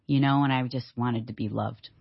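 A woman co-hosting a radio talk show, telling stories in a lively, laughing way. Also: rumbling low, moderate pace, gravelly, slightly rough. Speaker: radio co-host. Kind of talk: casual storytelling chat. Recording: dull lo-fi sound.

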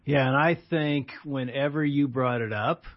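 A man's voice: mid-range voice, measured pace. A man in his sixties co-hosting a radio talk show as a pastor, chatting casually with teasing interjections. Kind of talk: casual conversational chat. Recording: dull lo-fi sound.

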